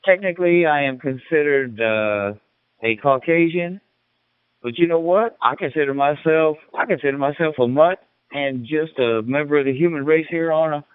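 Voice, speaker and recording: A man's voice: on the high side, normal speed, clear, resonant tone, no echo. Folksy man over a tinny radio. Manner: rambling, folksy, many restarts. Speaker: ham radio operator. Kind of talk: casual radio chat.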